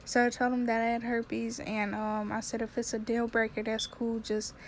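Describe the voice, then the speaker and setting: A woman's voice: a little high, monotone, moderate pace, slight background noise. A woman telling a personal story in a subdued, hesitant way. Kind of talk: casual storytelling.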